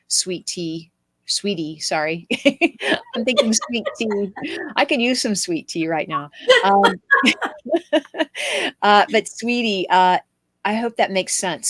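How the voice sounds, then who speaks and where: A woman's voice: mid-range voice, no room sound. A woman hosting a live stream, pulling cards for viewers in a chatty way with frequent laughs and fillers. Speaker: host reading cards for viewers. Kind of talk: live-stream card reading.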